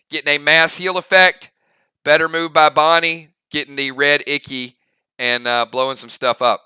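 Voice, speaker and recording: Bright, crisp game-master man. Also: fairly high pitch, dry recording, studio quality. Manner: upbeat, drawn-out play-by-play calls. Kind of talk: live game narration and commentary.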